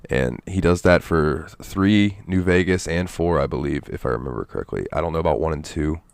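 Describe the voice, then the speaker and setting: A man's voice: rumbling low, lively intonation, fairly quick, creaky, dry recording, studio quality. A man co-hosting a podcast, chatting casually about a game in a loose, rambling way with lots of fillers and the odd swear. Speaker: podcast co-host. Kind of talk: casual gaming chat.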